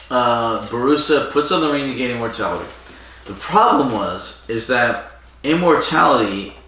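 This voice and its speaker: A man co-hosting a casual podcast, retelling a plot at length with quick voiced quotes. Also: mid-range voice, sharp tone. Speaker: podcast co-host. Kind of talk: casual chat recapping an episode. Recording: very echoey room.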